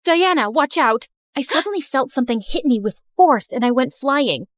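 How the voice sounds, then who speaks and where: A woman narrating an animated drama in the first person, telling it with emotional, expressive storytelling. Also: sits high, brisk, no echo.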